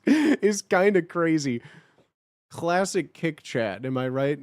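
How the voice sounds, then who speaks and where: A young man hosting a live stream with a high, lively voice that jumps all over the place. He chats casually with his viewers, swearing freely and breaking into laughs. The sound is close and dry. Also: a little slow, no room sound. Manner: animated, swears a lot, laughs often. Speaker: livestream host.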